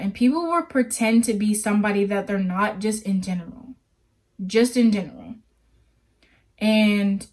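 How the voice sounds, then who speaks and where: A young woman vlogger telling a personal story in a casual, chatty way, leaning heavily on "like" and ending on an earnest warning. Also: medium pitch. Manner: chatty, heavy use of "like"; earnest, cautionary.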